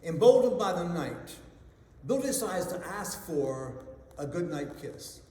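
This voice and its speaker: A male pastor giving a devotional, telling a story slowly and letting his voice sink soft and low at the ends of lines. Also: very animated. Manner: slow storytelling delivery, drops soft and low at line ends. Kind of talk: devotional sermon with a told joke. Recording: echoey hall reverb.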